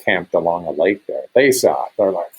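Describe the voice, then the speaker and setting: Middle-aged male podcast guest from Montana, low and slightly husky, animated storyteller. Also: moderate pace, poor audio. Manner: animated, acts out quoted speech in a raised voice. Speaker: guest hunter.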